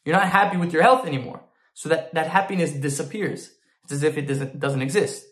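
A man's voice: on the high side, fairly quick, fairly bright tone, roomy sound. A man teaching a Torah lesson through an informal story, with frequent restarts and Hebrew terms.

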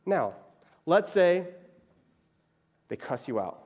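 A man's voice: a little high, normal speed. Young male preacher, chatty, in a hall. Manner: chatty, frequently asks "right?". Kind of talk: conversational sermon. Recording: long reverb of a hall.

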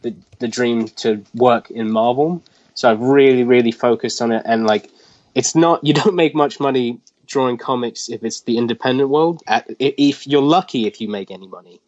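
A man's voice: mid-range voice, moderate pace, no room sound. A man in his twenties, a comic artist, recounting a story as a guest in a casual interview, with lots of fillers. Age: 20s. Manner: rambling, animated retelling with filler words. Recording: dull lo-fi dry recording.

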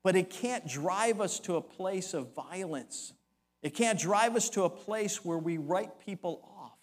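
High-voiced man preaching a sermon. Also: lively intonation, unhurried. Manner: dramatic, acts out quoted voices. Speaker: pastor.

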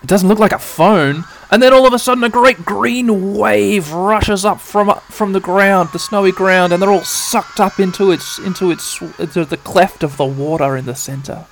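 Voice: medium pitch, normal speed, few pauses. A podcast narrator retelling a game's cutscenes as a bedtime story, rambling with playful asides.

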